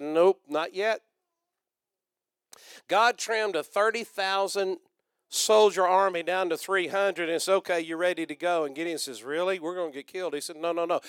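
Older guy preaching loud, high bright voice, dry close sound. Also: clear, resonant tone, dry recording. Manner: loud rousing preaching with calls to the congregation. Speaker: pastor. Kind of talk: sermon.

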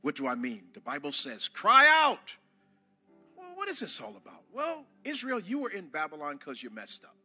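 Animated high-pitched male pastor, punchy and passionate, leads the crowd in a live church sermon. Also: brisk, few pauses, husky, faint music behind. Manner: impassioned, rising to shouts, calls on the congregation. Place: church before a congregation.

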